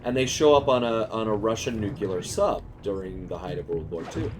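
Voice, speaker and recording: A man's voice: lowish voice, brisk, background noise. A man who voices game characters chats casually and in a rambling way while streaming a game, and he laughs often. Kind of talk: casual chat while gaming. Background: game music.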